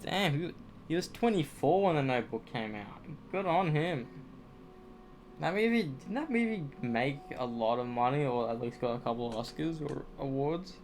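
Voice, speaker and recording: A man's voice: mid-range voice, lively intonation, normal speed, a little hiss or hum. A young Australian man chatting casually on a game stream, rambling and swearing, often restarting his sentences. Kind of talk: casual gaming stream chat.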